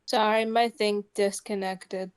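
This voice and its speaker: Southern American woman, mid-pitched, teasing co-host banter. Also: little pitch movement, slow, smooth. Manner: playful, teasing. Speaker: stream co-host. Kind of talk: casual stream chat.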